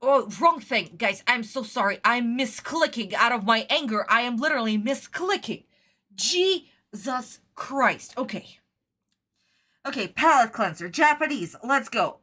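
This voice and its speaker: Bright, swearing, exasperated woman streamer. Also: fairly high pitch, animated, a little slow. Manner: exasperated, ranting, swears a lot. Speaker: streamer reacting to a cartoon. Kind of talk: casual live-stream reaction.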